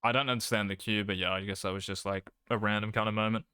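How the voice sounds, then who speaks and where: In casual coaching commentary over gameplay, a self-assured young man swears liberally and speaks at a quick pace. His voice is on the low side, steady in tone, yet bright, forceful, crisp, and smooth. Captured up close, the audio is dry with no surrounding room.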